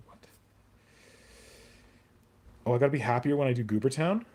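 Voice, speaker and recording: A man's voice: low voice, very animated, fairly quick, pauses often, darkish tone, slight background noise. A man chatting casually on a hobby live stream, rambling and joking as he answers viewer comments. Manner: rambling, jokey, answers viewer chat aloud.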